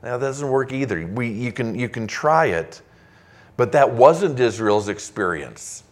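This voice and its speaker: A man's voice: medium pitch, expressive, a little slow. A male pastor preaching a sermon, reading scripture aloud in an emphatic, conversational way.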